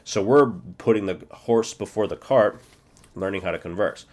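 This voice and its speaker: A man in his forties walks through a self-study language lesson, repeating phrases slowly and checking himself as he goes. His voice sits fairly low, and he thinks aloud between drills. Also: a little mellow. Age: 40s. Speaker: language teacher.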